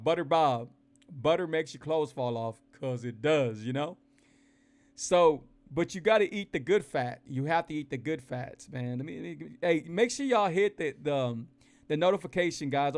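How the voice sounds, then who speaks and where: A man with a slightly high voice chats on a livestream. He speaks in a lively, folksy way and often repeats himself. He keeps turning to the viewers to address them directly. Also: clear, resonant tone. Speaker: keto weight-loss vlogger. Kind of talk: casual livestream chat to followers. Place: indoors, livestreaming.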